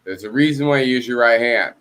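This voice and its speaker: A man's voice: medium pitch, fast talker, a bit bright. A man in a casual video-call chat, telling a story with lots of swearing and acting out both sides of phone calls. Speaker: co-host.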